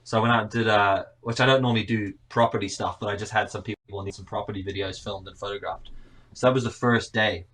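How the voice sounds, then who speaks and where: A man's voice: fairly low pitch, fairly even intonation, fast, fairly bright tone. South African man with a blended accent. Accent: South African mixed with Northern Irish. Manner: rambling, self-deprecating storyteller. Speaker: podcast guest. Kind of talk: casual chat.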